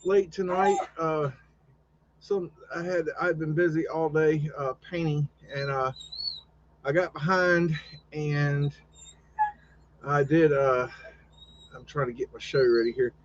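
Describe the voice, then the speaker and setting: A man hosting a live stream in casual chat, rambling and halting with lots of fillers and restarts. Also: a little high, steady tone, a little hiss or hum. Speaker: livestream podcast host. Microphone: home computer setup with webcam. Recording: dull lo-fi stream audio.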